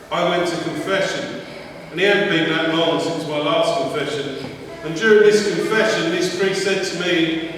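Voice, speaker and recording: A man tells his story earnestly at a church mission, quoting others as he goes. His fairly high voice rings through a large church with a long echo. He sounds far from the mic, with a faint hum of the room behind him. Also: a bit bright. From England. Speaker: speaker at a parish mission. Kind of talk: testimony talk in church. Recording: echoey church heard from far off.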